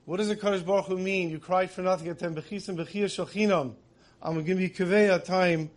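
A man's voice: high-pitched, steady tone, fast. A man giving a conversational sermon, asking rhetorical questions and weaving in many Hebrew terms. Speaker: religious speaker.

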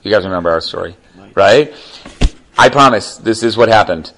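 A man's voice: on the low side, moderate pace, a little hiss or hum, low-quality recording. Man, religious teacher, loose storytelling delivery, keeps asking the group if they follow. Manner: chatty, animated, checks in with listeners. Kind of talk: casual storytelling lesson.

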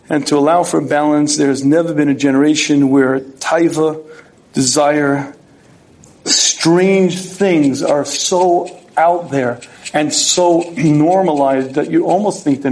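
A middle-aged man preaching as a rabbi, telling stories with animated energy. His voice sits a little high for a man, and he clears his throat often between phrases. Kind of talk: sermon with stories.

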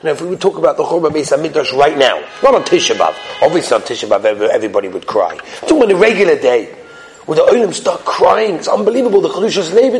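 A man with a high voice tells a story in an animated, emotive way. He repeats phrases for emphasis and lingers on the dramatic moments. A faint noise runs underneath. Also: racing.

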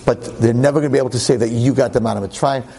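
A man voicing God as a firm male figure refusing a request, in a husky voice. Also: medium pitch, rapid-fire, warm tone, pitched below the performer's own voice.

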